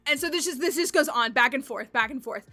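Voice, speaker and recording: A woman streamer telling a story in casual chat, animated and full of "like" fillers. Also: sits high, quick pace, faint music behind. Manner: animated, heavy use of "like" fillers.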